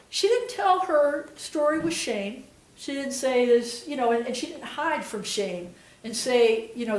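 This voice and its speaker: A woman's voice: high-pitched, lively intonation, moderate pace, roomy sound, recorded from a distance, rough recording. A woman guest preacher giving a conversational sermon, retelling scripture in casual everyday voices.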